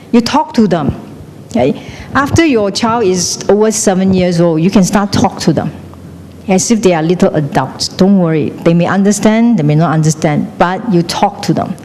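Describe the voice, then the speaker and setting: A woman's voice: fairly low pitch, normal speed, darkish tone. Woman teaching in a reverberant hall. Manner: asks the class questions often, switches into Chinese. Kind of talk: classroom lecture. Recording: long hall reverb, faint noise.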